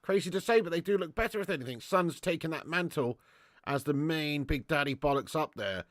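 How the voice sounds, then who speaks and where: A man's voice: on the high side, animated, fairly quick, fairly bright tone, dry recording, clean studio sound. A man hosting a football watch-along stream, chatting casually and reading out fan messages with slang and swearing. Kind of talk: live stream chat reading super chats.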